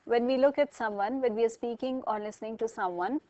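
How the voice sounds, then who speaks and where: A woman's voice: on the high side, fairly quick, dark tone, dry recording, lo-fi sound. A woman lecturing a college class, asking students questions and explaining with everyday examples.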